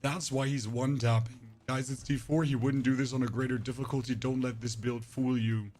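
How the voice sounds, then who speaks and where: A slightly hoarse man giving casual, rambling commentary while streaming a game, joking with his chat. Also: medium pitch, flat delivery, fairly quick, few pauses, darkish tone. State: a bit hoarse.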